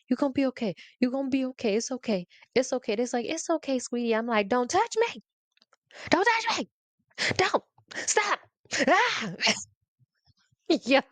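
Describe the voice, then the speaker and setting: A young woman hosts her podcast with a lively comic rant, laughing and slipping in quick voices for the people in her story. Her voice sits at an ordinary middle pitch. The sound is dry and close, with no room around it. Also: dry recording. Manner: animated, acts out voices and laughs often. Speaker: podcast host.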